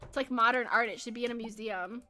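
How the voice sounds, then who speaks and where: A young woman with a bright, sharp voice, set a bit high, chatting to her stream while she plays. She is giggly and loose, padding her talk with fillers. Faint game music plays behind her. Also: fast. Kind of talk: casual chat while gaming.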